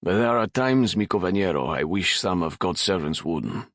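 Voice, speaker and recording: A young nobleman with an acid, wry humor, calm and sly amid chaos, as a man voices him. Read in a storybook with a close, dry sound. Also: low voice, normal speed, no echo. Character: wry young nobleman, captain's loyal friend.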